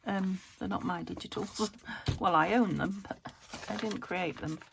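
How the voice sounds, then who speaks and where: A woman's voice: mid-range voice, measured pace, creaky, a bit bright, slight background noise. A British woman hosting a crafting channel, chatting casually and thinking aloud as she works at her home craft table.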